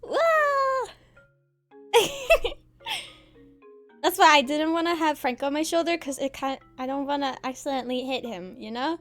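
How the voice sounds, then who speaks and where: Bubbly high-voiced young woman streamer. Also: steady tone, fast talker, few pauses, a bit bright, soft background music. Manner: bubbly, giggly, exclamatory, playful. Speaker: VTuber streamer. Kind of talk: excitable stream chat showing off a model.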